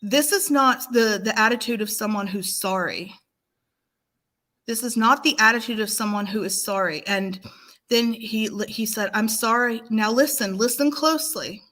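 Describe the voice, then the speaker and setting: A woman's voice: fairly high pitch, fairly bright tone. A woman co-hosting a live stream, firmly lecturing a viewer and repeating her points for emphasis. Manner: slow, deliberate delivery. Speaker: livestream co-host. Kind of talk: heated live-stream scolding.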